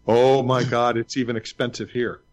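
A man's voice: mid-range voice, flat delivery, moderate pace. Hesitant, wry storytelling man. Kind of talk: casual chat.

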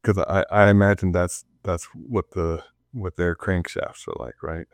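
A man's voice: deep voice, unhurried, gravelly, no echo, studio quality. A man in casual podcast chat, making wry jokes.

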